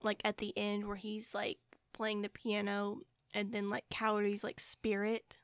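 A young woman co-hosting a casual podcast chat, speaking haltingly with many fillers. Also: medium pitch, monotone, clear, resonant tone, no room sound, studio quality. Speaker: podcast co-host.

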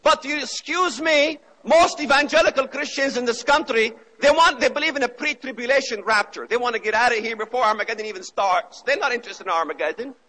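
A man giving an impassioned speech, emphatic and repetitive, now and then rising to shouts. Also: extremely high pitch, a little fast, few pauses, rough recording. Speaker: speaker.

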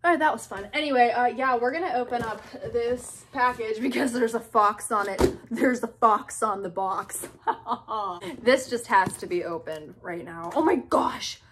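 A bubbly young woman vlogs at home, gushing over each gift she unwraps. Her voice sits high and bright, and a faint hiss runs under the recording. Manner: bubbly, gushing, quick to squeal. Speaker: YouTuber opening fan mail. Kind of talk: casual vlog chat.

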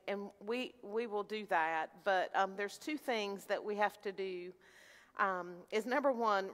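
A woman's voice: medium pitch, fairly bright tone. A woman pastor leading prayer, heartfelt and informal, close to tears. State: near tears. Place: church sanctuary. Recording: hall reverb with faint music.

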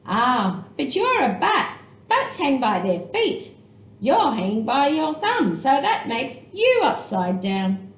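A woman voicing a loud, matter-of-fact adult bat in a storybook read-aloud. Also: sits high, very animated, slow, reverberant, exaggerated voice. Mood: blunt. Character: blunt, curious adult bat.

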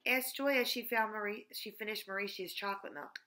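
A woman reads a children's chapter book aloud in a cheerful, chatty way. Her voice is bright and clear, pitched in an ordinary middle range. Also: fairly even intonation, a little fast.

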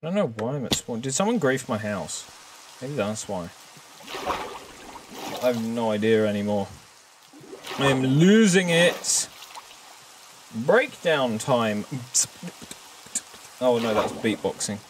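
A man's voice: fairly low pitch, moderate pace, pauses often, noisy background. A man chatting casually on a live game stream, rambling and self-mocking, with frequent swearing. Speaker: gaming streamer. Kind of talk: casual live-stream chat while gaming.

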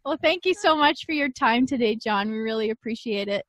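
Co-host: bubbly woman from Canada, higher voice, laughs a lot, dry close sound. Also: expressive, fairly quick, fairly bright tone, no room sound. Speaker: podcast co-host. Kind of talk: casual podcast interview.

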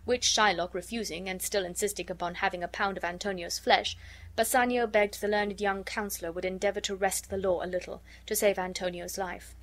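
A woman with a mid-range voice narrates a classic story as an audiobook, reading in an even, measured manner.

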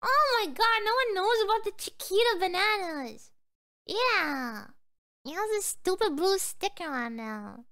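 A woman's voice: extremely high pitch, expressive, measured pace, a bit bright. A sleepy young woman streamer rambling drowsily as she chats to her viewers, often trailing off. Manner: chatting to viewers. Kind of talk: casual livestream chat.

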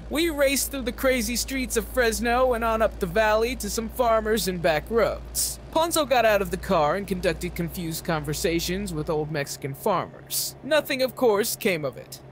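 A man reading a novel aloud as narrator, with an expressive delivery. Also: sits high, moderate pace, slight background noise. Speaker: audiobook narrator.

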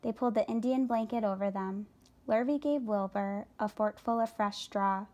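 A woman reading a children's book aloud for a school, calm and even. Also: medium pitch, normal speed. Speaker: story reader for a school. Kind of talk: read-aloud storytelling.

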